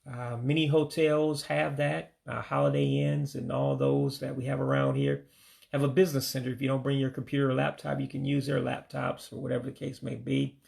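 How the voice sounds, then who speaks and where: An American man giving a casual vocabulary lesson, saying each word slowly, repeating it, then giving its English meaning. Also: mid-range voice, level tone, vocal fry, a little mellow. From United States. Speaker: language learner teaching vocabulary.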